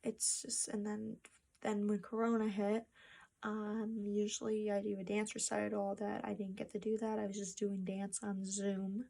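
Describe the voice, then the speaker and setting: A young woman talking to her phone camera in a personal vlog, soft-spoken and halting, with restarts and sad pauses. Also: medium pitch, monotone, gravelly. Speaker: vlogger. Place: home room with a treadmill.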